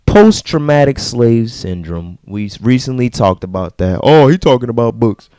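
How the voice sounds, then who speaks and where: A man rants casually straight to camera, heavy with slang and repeated phrases. His voice is very lively, swinging from low mutters up to sharp outbursts. The sound is dry and close. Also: normal speed, few pauses, smooth, dry recording. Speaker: vlogger.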